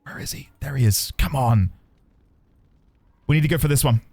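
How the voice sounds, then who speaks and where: A man streaming live gameplay, talking excitedly and shouting at the action. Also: medium pitch, normal speed, husky. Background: loud game music.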